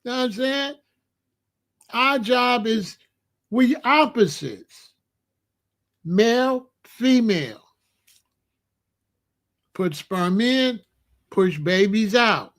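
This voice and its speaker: A high-pitched middle-aged man delivers a preachy monologue. He hammers his points home, repeating phrases for emphasis and swinging between drawn-out and rapid lines. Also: lively intonation, fairly bright tone. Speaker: commentator. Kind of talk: monologue commentary to camera.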